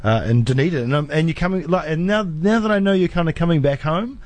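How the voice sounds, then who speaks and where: A man's voice: on the high side, quick pace, no room sound. A man with a New Zealand accent hosting a radio interview, friendly and chatty, laughing easily. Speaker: radio host. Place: radio studio.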